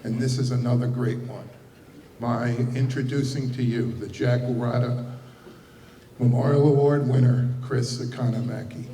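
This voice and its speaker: A man's voice: medium pitch, steady tone, moderate pace, noisy background. Earnest man presenting an award. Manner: earnest, emphatic, with a few restarts. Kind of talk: formal ceremony speech. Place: banquet hall. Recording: echoey banquet hall from far off.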